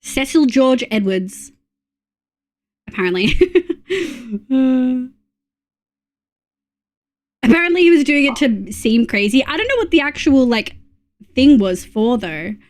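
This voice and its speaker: A woman's voice: sits high, expressive, takes it slowly, long pauses. Chatty Australian woman streaming live. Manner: chatty, reads things aloud to chat, laughs often. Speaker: livestreamer. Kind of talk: casual live-stream chat.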